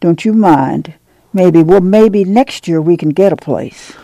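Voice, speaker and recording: This is a steady, soothing farm mother with a folksy rural way of talking, read by a man. The voice is fairly high for a man and warm and mellow. The sound is dry and close. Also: slow, gravelly, dry recording, exaggerated voice. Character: weary, steady mother of a poor farm family.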